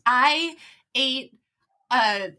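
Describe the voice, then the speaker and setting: Bright-voiced young woman telling a story. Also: high-pitched, drawn-out words. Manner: animated, laughing often, acts out quotes. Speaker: podcast guest. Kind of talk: casual storytelling.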